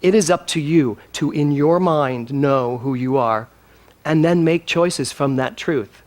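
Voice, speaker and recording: A male minister preaching a sermon, animated and emphatic, drawing replies from his congregation and speaking earnestly and emotionally. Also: on the high side, a little slow.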